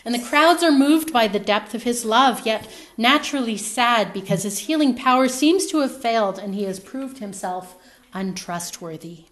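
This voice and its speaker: A woman preaching a sermon in a reflective, storytelling manner, her phrases trailing off softly. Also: fairly high pitch, moderate pace.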